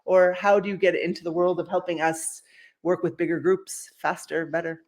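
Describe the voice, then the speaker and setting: A woman's voice: fairly low pitch, fairly even intonation, darkish tone. A woman from Canada hosting an interview, playful and teasing in casual chat. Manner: playful, teasing, quick to laugh. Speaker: interview host.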